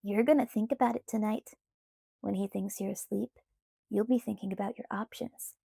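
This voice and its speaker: A woman's voice: mid-range voice, steady tone, moderate pace, vocal fry, dark tone, husky, no echo, studio quality. A woman reading the part of a cheerful, persistent teenage boy in an easygoing, coaxing way.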